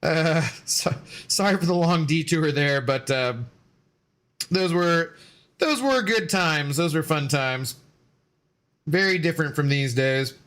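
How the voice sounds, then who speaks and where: Bright-voiced man chatting on stream. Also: a little high, takes it slowly, long pauses. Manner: rambling storyteller, loose with fillers and swearing. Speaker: game streamer. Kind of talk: casual live-stream chat.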